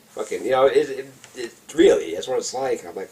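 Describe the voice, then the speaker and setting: A man's voice: mid-range voice, animated, a little fast, few pauses, a little mellow, distant mic, slight background noise. A man on psychedelic mushrooms rambling through a trip report, awed and swearing, with many restarts. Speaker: vlogger giving a trip report.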